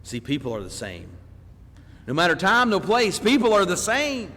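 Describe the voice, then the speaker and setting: Animated preacher in a reverberant church. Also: male voice, sits high, normal speed. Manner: animated, swings between loud emphasis and quiet asides; acts out congregants' voices mid-sermon. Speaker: preacher teaching a Bible class. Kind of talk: sermon. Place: church sanctuary.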